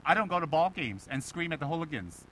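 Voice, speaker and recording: A Buddhist teacher giving a dharma talk to students, animated and emphatic, firing rhetorical questions and mimicking other people. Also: male voice, fairly high pitch, fast, slight background noise, low-quality recording.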